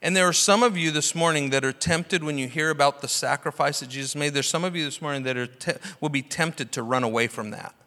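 A man's voice: a little high, fast talker, few pauses, bright, forceful tone. A man preaching a sermon as pastor, passionate and full of rhetorical questions. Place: church sanctuary. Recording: long hall reverb.

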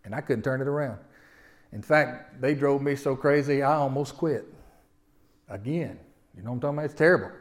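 A man in his forties preaching a sermon, moving from quiet personal storytelling to loud, impassioned exhortation. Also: on the high side, quick pace. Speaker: pastor.

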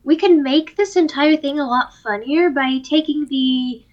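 A woman's voice: high-pitched, a little slow, darkish tone. A young woman co-hosting a podcast, joking playfully and laughing easily. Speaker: podcast co-host. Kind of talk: casual chat. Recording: dull lo-fi mic.

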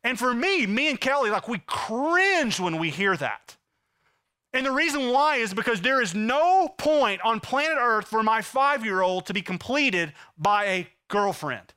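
A man in his thirties preaching a sermon as pastor, impassioned, swinging from loud emphasis to hushed intensity. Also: very high voice, big pitch swings, a little slow, clean tone.

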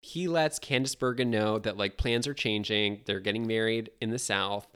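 A woman's voice: extremely low pitch, normal speed, fairly bright tone, clean tone. A woman in casual conversation about a movie, talking animatedly and acting out characters' lines.

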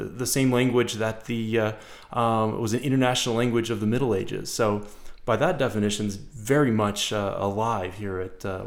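A man who is a Latin professor, answering interview questions in a casual, halting way, often repeating words and restarting. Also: fairly low pitch.

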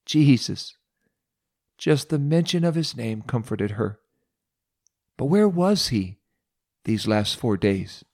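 A preacher retelling a Bible story in a sermon, dramatic and expressive, with pauses and emphatic repetition. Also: male voice, medium pitch.

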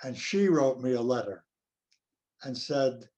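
A man's voice: mid-range voice, lively intonation, darkish tone. Older man telling stage stories. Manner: anecdotal, unhurried storytelling. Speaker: actor guest. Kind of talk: reminiscing interview.

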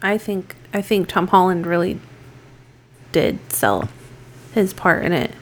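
A woman's voice: fairly low pitch, big pitch swings, unhurried. A woman co-hosting a podcast, chatting casually and trading short, easygoing opinions about films. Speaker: podcast co-host.

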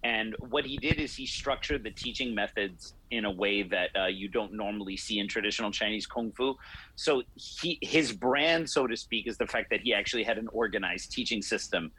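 A man who teaches martial arts, answering interview questions in a measured, explanatory way. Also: fairly low pitch, bright, forceful tone, a little hiss or hum, low-quality recording. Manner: explanatory, measured, laughs easily.

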